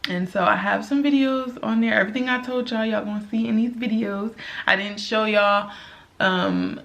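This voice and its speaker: A young woman tells her own story straight to her viewers in a candid, chatty vlog. Her voice is bright with a gravelly fry, and she laughs often and jumps into a high voice when quoting people. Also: animated, normal speed. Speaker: vlogger.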